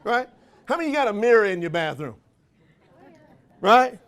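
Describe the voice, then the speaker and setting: In an event room, a man with a high, bright-placed voice gives a motivational talk for a sales training, his pitch swinging widely as he moves along fairly quickly. He uses homespun country expressions and call-and-response, throwing one question after another at the crowd.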